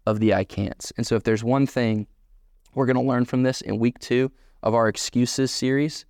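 A man's voice: medium pitch, steady tone, moderate pace, darkish tone, no echo, clean studio sound. A man preaching a sermon as pastor, emphatic and repetitive, pressing his points home again and again.

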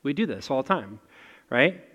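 A man preaching a sermon and telling a personal story in an animated way. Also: medium pitch, moderate pace. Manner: animated, storytelling with rising excitement. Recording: long hall reverb.

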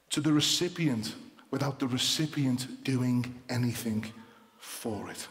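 A man preaching a sermon as pastor, emphatic and repetitive, slowing down to stress key words. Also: medium pitch, lively intonation, a bit bright, a little hiss or hum. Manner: emphatic, repeats points, slows for stress. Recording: long hall reverb.

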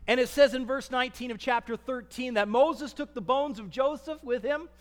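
A man preaching a sermon, acting out the people he quotes and swinging from loud to soft. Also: extremely high pitch, normal speed. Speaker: pastor. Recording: long reverb of a large hall.

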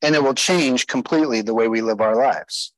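A man's voice: medium pitch, brisk, no room sound, poor audio. A man preaching a sermon as pastor, emphatic, putting rhetorical questions to his listeners.

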